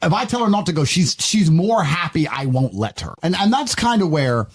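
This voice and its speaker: A man's voice: fairly high pitch, big pitch swings, normal speed, breathy edge. A man giving emphatic motivational advice in a podcast conversation, lecturing his listeners.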